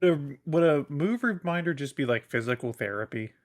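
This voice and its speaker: A man's voice: on the high side, expressive, a little fast, background noise. A man co-hosting a casual gaming podcast, giggling through his jokes. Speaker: podcast co-host. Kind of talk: casual chat.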